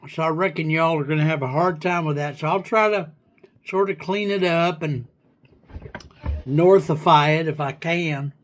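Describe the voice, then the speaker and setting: Pitched fairly high and moving at a moderate clip, this man lightly acts out a flirtatious country character with an exaggerated Southern hillbilly twang during a livestream. His teasing, folksy banter drawls and wanders, full of made-up words.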